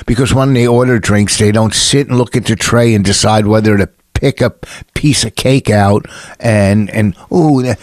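A man's voice: fairly low pitch, normal speed, darkish tone, no room sound, clean studio sound. A man, a stand-up comedian, ranting in casual chat and swearing constantly as he tells a story. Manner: profane, ranting, heated storytelling.

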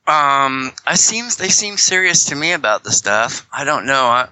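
Chatty man, very bright voice. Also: mid-range voice, sing-song, normal speed, clear, resonant tone, dry recording, poor audio. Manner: rambling, joking, many self-corrections. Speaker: guest, fellow fringe Christian show host. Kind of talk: casual podcast chat.

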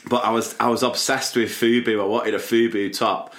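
A man's voice: mid-range voice, level tone, moderate pace, fairly bright tone. A man co-hosting a casual podcast, chatty and nostalgic, who laughs along with his co-host. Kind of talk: casual chat.

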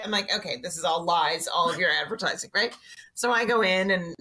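A woman's voice: lowish voice, fast talker, bright, forceful tone. A woman guest telling a funny anecdote in a chatty way, acting out the voices of the people in it. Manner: chatty, acts out voices in story. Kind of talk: comedic anecdote.

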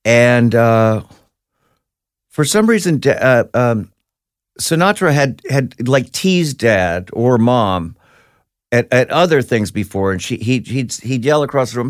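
A man's voice: medium pitch, sing-song, unhurried, no room sound. A man as a guest in a studio interview, telling anecdotes casually with lots of restarts. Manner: rambling anecdotes with many restarts. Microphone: studio microphone.

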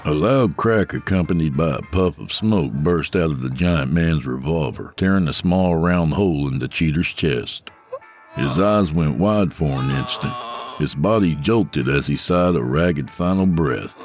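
A man narrating a scripted story in a dramatic, measured way. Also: very deep voice, expressive, a little mellow, faint music behind.

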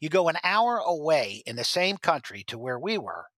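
Guy with a bright forceful voice telling war stories, rambly, dry close mic. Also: fairly high pitch, very animated, no room sound. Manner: rambling, halting anecdotes with restarts. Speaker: guest, former drug agent. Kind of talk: storytelling interview.

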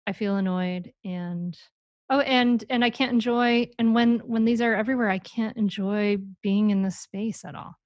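A woman's voice: medium pitch, fairly even intonation, normal speed, darkish tone, no echo, muffled recording. A woman hosting an on-air coaching call as a parenting coach, talking in a playful, demonstrative way and acting out examples.

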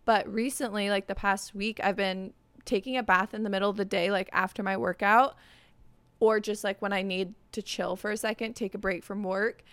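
A woman's voice: mid-range voice, steady tone, moderate pace, a bit bright, clean tone, no room sound. A young woman hosting a solo podcast, talking in an upbeat, chatty way and saying "like" constantly. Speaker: podcast host. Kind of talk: casual solo podcast chat.

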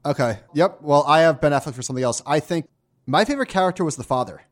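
A podcast co-host trades quick, relaxed remarks in casual banter. His voice sits a little higher than most men's. He sounds easygoing throughout. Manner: quick reactions, laid-back banter. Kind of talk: casual chat.

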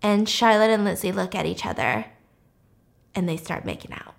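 A woman casually retelling a film's plot, animated and swearing freely as she acts out the characters' lines. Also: medium pitch, moderate pace, vocal fry. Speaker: podcast host recapping a film. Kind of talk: casual storytelling recap.

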